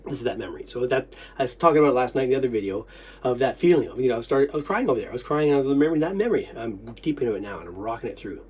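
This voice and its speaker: A vlogger telling a personal story in a rambling way, laughing, coughing and half-crying, swearing freely and dropping to a low quick murmur for asides. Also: animated, darkish tone, slightly rough. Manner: laughs, coughs and half-cries while reliving a memory.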